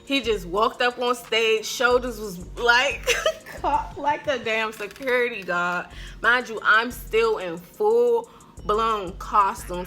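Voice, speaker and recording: A woman tells a story straight to the camera in a bright, sharp voice. She talks in an animated, casual way, swears freely and often breaks into laughter. Faint music plays softly behind her. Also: fairly high pitch. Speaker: vlogger telling a story.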